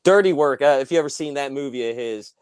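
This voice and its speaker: Laid-back rambling man, smooth dry voice. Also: mid-range voice, quick pace, no room sound. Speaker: podcast co-host. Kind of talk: casual chat.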